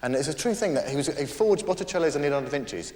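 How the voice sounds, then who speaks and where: A man doing live stand-up on a theatre stage, rambling and self-deprecating with halting restarts. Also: on the high side, expressive, darkish tone. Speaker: stand-up comedian. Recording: echoey theatre with crowd. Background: audience laughter.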